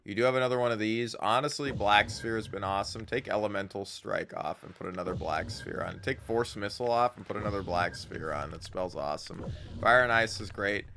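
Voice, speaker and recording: A man's voice: fairly low pitch, fairly quick, bright, forceful tone, slight background noise. A man streaming a game live, chatting casually with jokey asides between dialogue.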